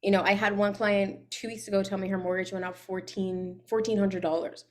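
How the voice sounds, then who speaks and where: A woman's voice: medium pitch, flat delivery, fairly quick. A woman guest on a podcast, a personal finance coach giving frank, practical advice in casual interview talk.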